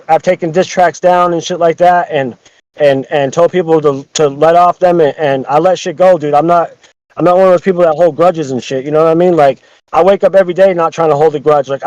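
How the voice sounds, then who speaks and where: A man's voice: on the high side, darkish tone, no room sound. A man talking as a podcast guest, heated and profane, rambling with many restarts. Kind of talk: casual podcast chat. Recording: dull lo-fi dry sound.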